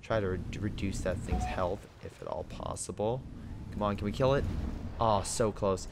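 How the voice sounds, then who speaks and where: A man's voice: fairly low pitch, normal speed, background noise. A young man giving casual commentary on his strategy game, thinking aloud as he orders his units about. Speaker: gaming video host. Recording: game music behind the voice.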